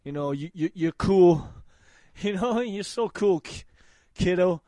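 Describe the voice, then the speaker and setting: Swaggering man yelling hype shout-outs. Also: high voice, animated, unhurried, no room sound, low-quality recording. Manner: profane and swaggering, bursts into loud shouted names.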